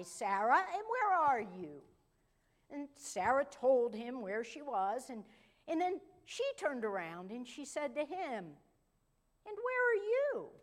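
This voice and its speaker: A woman preaches from the pulpit in a high, light voice. She takes her time, telling the story slowly and letting her voice drop soft for emphasis. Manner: storytelling, slows and softens for emphasis. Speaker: pastor. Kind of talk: sermon.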